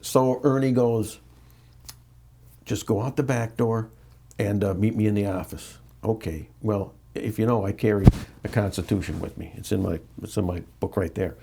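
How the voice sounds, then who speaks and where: This middle-aged American man, a guest in an interview, speaks in a lowish voice at a moderate pace over slight background noise. He tells a candid story with animation, often repeating himself, restarting, and acting out quotes.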